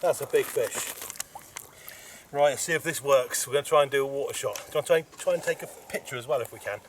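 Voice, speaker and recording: A man filming his fishing trip by a lake, breathless and excited as he talks over his catch. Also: mid-range voice, quick pace. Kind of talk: excited outdoor vlog chat. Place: outdoors by a lake. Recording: outdoor recording with loud background noise.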